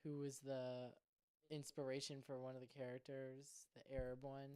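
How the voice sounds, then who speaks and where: A young man co-hosting a casual podcast, rambling excitably and swearing freely. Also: mid-range voice, moderate pace, clear, resonant tone. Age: young adult. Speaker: podcast co-host. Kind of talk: casual chat.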